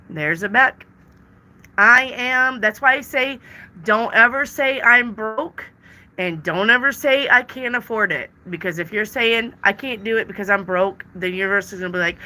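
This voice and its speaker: A woman's voice: mid-range voice, normal speed, pushed and bright. A woman reading tarot on a live stream, reading out viewer questions and answering them with emphatic repetition. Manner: emphatic, repeats words for stress. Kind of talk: casual live-stream chat.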